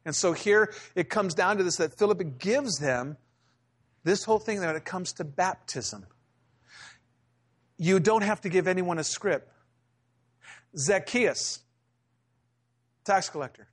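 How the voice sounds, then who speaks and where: A man's voice: sits high, unhurried, long pauses, husky. A male pastor preaching a conversational sermon, telling stories and acting out quotes from people in them.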